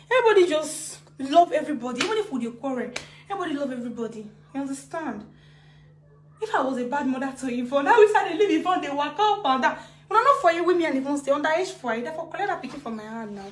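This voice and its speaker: A Nigerian woman with a very high, lively voice delivers a heated live-video rant, circling back to the same points over and over. The room around her is echoey. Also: fast talker. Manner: emotional, repetitive, animated.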